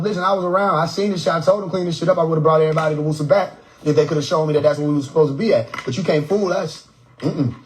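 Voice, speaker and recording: A man's voice: a little high, poor audio. A man hosting a casual phone livestream, joking and swearing as he mimics how people pronounce words. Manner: profane, joking, repeats words to mimic tones. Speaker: livestream host.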